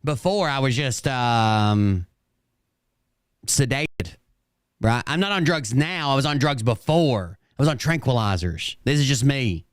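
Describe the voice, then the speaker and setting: A man's voice: medium pitch, expressive, measured pace, no room sound. A man giving sarcastic reaction commentary on a livestream, dry and mocking.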